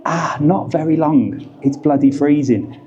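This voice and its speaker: With a voice on the high side yet dark in tone, a middle-aged man speaks at a measured pace to his handheld camera in an indoor ice tunnel. The travel vlogger is chatty, jokey and teasing, slightly out of breath, recorded on dull audio with a faint hiss or hum under crowd chatter.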